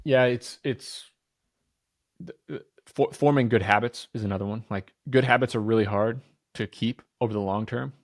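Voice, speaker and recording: A man's voice: mid-range voice, normal speed. A man in his thirties, a podcast guest in casual conversation, who talks with energy and emphasis, often repeating phrases, restarting his sentences and swearing casually. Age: 30s.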